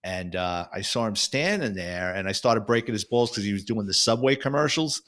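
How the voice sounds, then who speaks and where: A man from New York, a retired detective and author, telling stories lively in an interview. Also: fairly low pitch, normal speed. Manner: lively storyteller, acts out voices. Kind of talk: storytelling interview.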